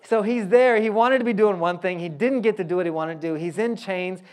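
A man from Oklahoma preaching with a light, high voice and a local twang. His sermon is folksy and full of quick joking asides. He repeats his key lines for emphasis. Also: smooth. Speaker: pastor.

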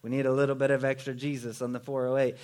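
A man preaching a sermon in a relaxed, conversational way with joking asides. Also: mid-range voice, quick pace. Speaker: pastor.

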